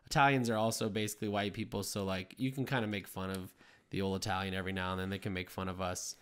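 A young man co-hosting a podcast in casual chat, chatty and quick to laugh. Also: low voice, clean tone. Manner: laughs often, chatty and excitable. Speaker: podcast co-host.

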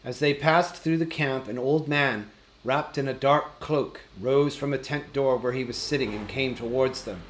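A man narrating a fantasy novel as an audiobook reader, in a steady, even storytelling manner. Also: mid-range voice, normal speed, echoey room, rough recording.

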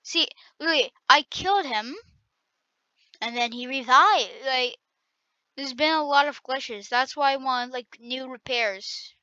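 A woman giving excitable, trash-talking commentary while playing a game on her channel. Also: high-pitched, measured pace, no room sound. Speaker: gaming channel host. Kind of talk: gameplay commentary. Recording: dull lo-fi recording.

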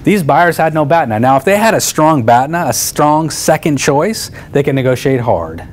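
Animated man teaching with retold stories. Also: on the high side, moderate pace. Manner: animated, acts out both sides of dialogues. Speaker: real estate coach.

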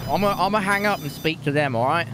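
A man's voice: fairly high pitch, quick pace. A man in a role-play phone call, agitated, swearing and haggling for money. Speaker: streamer playing a street dealer character. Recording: game car noise behind.

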